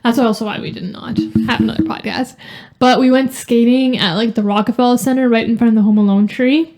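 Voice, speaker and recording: Young woman telling animated stories. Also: on the high side, fairly quick, soft background music. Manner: animated storytelling with lots of "like". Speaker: podcast co-host. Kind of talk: casual sibling podcast chat.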